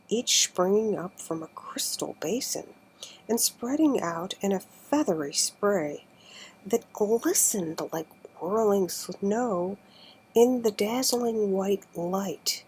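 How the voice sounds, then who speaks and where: A woman narrating an old adventure book in a slow, careful audiobook reading that often sinks to a near whisper. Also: medium pitch, animated, a little mellow, slightly rough, poor audio.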